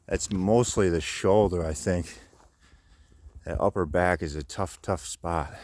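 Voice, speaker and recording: A man's voice: deep voice, a little slow, darkish tone. A middle-aged man rambling on a phone vlog, swearing often and restarting his sentences. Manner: rambling, profane, lots of restarts and fillers. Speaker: vlogger. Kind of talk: casual rambling monologue. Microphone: handheld phone.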